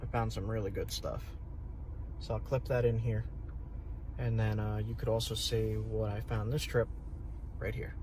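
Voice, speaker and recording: Excitable man exploring a creek outdoors. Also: lowish voice, normal speed, long pauses. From Long Island, New York. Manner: excitable, laughs often, talks to viewers. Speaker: host. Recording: outdoor noise behind.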